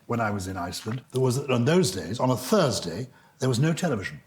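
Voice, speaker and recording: A man's voice: medium pitch, very animated, fast. An older man co-hosting a podcast before a live audience, telling stories in a jovial, theatrical way. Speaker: podcast co-host. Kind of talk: witty conversational banter.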